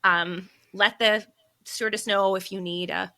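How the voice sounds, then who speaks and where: A woman voicing a calm, confident male airline captain who reassures his passengers. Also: mid-range voice, a little slow. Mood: reassuring.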